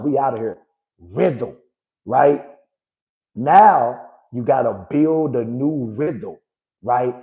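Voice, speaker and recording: Lively, preachy man in his forties. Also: fairly high pitch, lo-fi sound. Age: 40s. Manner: emphatic and preachy, tags lines with "right?" and "good people". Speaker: life coach and host. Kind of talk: motivational live talk.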